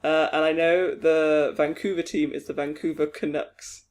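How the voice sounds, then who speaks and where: Lively young British man, higher voice. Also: normal speed. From Britain. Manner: lively, laughing, mimics others in high voices. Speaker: podcast co-host. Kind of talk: casual chat.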